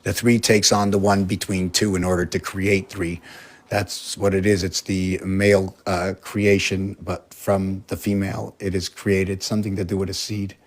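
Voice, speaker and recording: A man's voice: low voice, flat delivery, normal speed. A man in a casual vlog, rambling through an explanation and asking many rhetorical questions. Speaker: vlogger.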